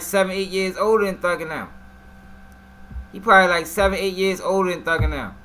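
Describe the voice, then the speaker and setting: A man's voice: on the high side, slight background noise. A man giving slangy, casual commentary to his live-stream viewers, often asking what they think. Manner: slangy, animated, talks straight to the viewers.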